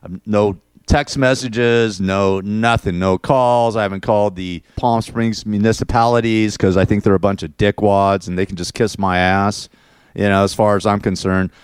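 A middle-aged man rambles through a crude, venting solo monologue, tacking "man" onto his sentences and restarting often. His voice is smooth and resonant. The sound is dry and close, with no room around it. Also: fairly low pitch, steady tone, normal speed, dry recording. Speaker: podcast host.

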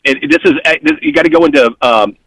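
A man as a podcast guest, telling an animated story in an excitable way and constantly checking in with the listener. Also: on the high side, fast talker, gravelly, no room sound, low-quality recording. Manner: excitable, keeps checking in with "okay?".

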